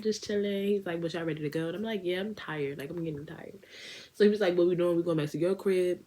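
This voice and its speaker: Young woman, beauty vlogger, casual storytime, slangy, lowish voice, acts out friends. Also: fast, dark tone. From Washington, D.C.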